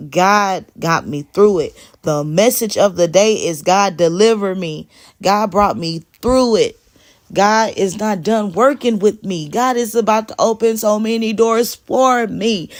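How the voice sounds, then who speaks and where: A woman's voice: mid-range voice, slow pace. A woman talking live to viewers on her phone, emphatic and repeating her phrases as she answers the chat. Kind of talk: casual live stream talk.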